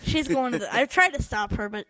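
A woman's voice: high voice, animated, a little fast, pushed and bright, no echo. A woman hosting a casual group chat on a video call, bossy and teasing with her co-hosts. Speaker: podcast host.

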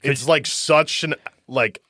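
Aussie dude, mid voice, keeps restarting sentences, dry mic. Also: male voice, mid-range voice, fairly even intonation, a little slow, a bit bright, no room sound. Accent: Australian. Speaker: podcast co-host. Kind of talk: casual movie review chat.

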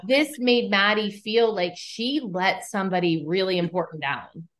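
A woman chatting on a podcast, retelling scenes with lively put-on quotes. She talks casually and swears now and then. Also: mid-range voice, measured pace. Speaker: podcast co-host recapping episodes. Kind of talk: casual chat.

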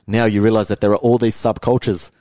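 A young Australian man chatting on a podcast in a low, easygoing voice. He is slangy and laid-back, and slips into little acted-out quotes of friends. The sound is close and dry. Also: flat delivery, quick pace, warm tone, dry recording. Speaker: podcast guest, content creator. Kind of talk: casual podcast chat.

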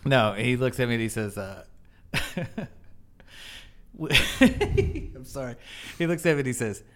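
A man's voice: medium pitch, animated, measured pace. A man co-hosting a podcast, telling a story in casual chat and breaking into laughter often. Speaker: podcast co-host.

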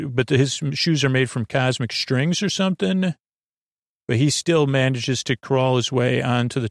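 A man hosting a sleep podcast, recapping an episode in a drowsy, meandering, deadpan way with lots of fillers. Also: medium pitch, gravelly, dry recording, studio quality. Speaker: podcast host.

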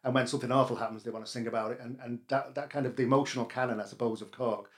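A man interviewing a longtime columnist in a casual chat, asking quick friendly questions with fillers. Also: medium pitch, steady tone. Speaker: newspaper editor interviewing a columnist.

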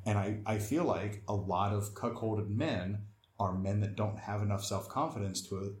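A man's voice: on the low side, moderate pace, darkish tone, roomy sound. A man in casual conversation, talking bluntly and swearing freely. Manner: blunt and profane, with laughs. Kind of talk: casual chat.

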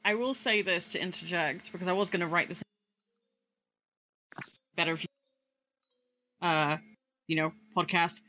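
A man's voice: high-pitched, a little slow, pauses often, bright, forceful tone, no echo, rough recording. A man narrating his character's actions in a tabletop role-play game, rambling and hesitant with many fillers. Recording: faint background noise.

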